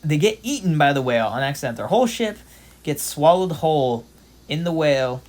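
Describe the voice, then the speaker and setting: A man's voice: a little high, very animated, fairly quick, darkish tone. A young man giving casual gameplay commentary, rambling with lots of fillers and the odd swear. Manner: rambling, filler-heavy storytelling with frequent "um" and "like". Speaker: gameplay channel host.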